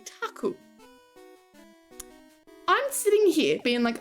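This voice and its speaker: Giggly young woman streamer, lively pitch. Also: measured pace, long pauses, faint music behind. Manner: giggly, swears freely, rambling. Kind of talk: casual live-stream chat.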